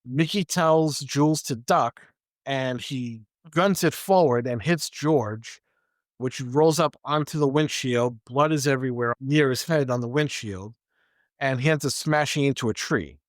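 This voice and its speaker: A man's voice: medium pitch, unhurried, dry recording. Man recapping a film plot, dry sound. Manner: retells scenes step by step, quoting characters. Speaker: podcast co-host. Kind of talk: casual movie plot recap.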